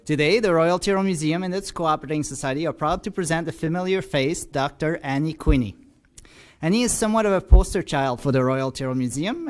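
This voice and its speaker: Man, fairly high voice, host of a lecture series, formal read introduction with small self-corrections. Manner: reads carefully, with small slips and self-corrections. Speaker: host introducing a guest speaker.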